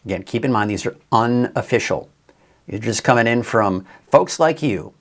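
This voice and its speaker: Chatty, low-voiced male weather forecaster. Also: lively intonation, moderate pace. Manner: chatty and upbeat, with frequent fillers and restarts. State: tired. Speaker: TV meteorologist. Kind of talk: casual live weather forecast.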